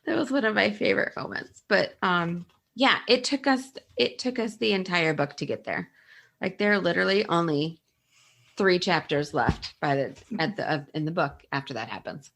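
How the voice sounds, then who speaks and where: A young woman hosts a relaxed book chat in a slightly low voice. She gushes over what she loved and laughs often, now and then reading lines from the book aloud. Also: normal speed, creaky. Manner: gushing, laughs often, reads passages aloud. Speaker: book podcast host.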